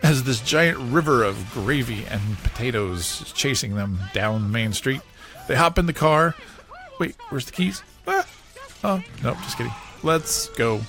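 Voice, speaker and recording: A man hosting a podcast, retelling a cartoon scene by scene in a casual, animated way with frequent chuckles. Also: mid-range voice, unhurried, soft background music. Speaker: podcast host.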